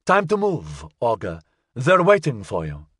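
A man's voice: medium pitch, huge pitch swings, unhurried, fairly bright tone, dry recording, clean studio sound, full character voice. A man playing a smug, needling male official. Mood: smooth. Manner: smooth, condescending and needling. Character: smug, slick male official, coolly menacing.

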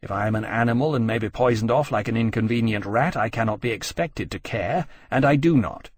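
A man reading a large, earnest male dragon in a soft, slow, grave voice for an audiobook. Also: medium pitch, husky, dry recording, lightly acted. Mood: defiant. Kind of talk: audiobook character voice.

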